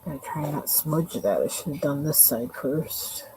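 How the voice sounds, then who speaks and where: A woman streaming live, talking quietly to herself in casual chat as she colors a drawing. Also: low-pitched, expressive, normal speed, slight background noise, poor audio. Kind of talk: casual self-talk while coloring.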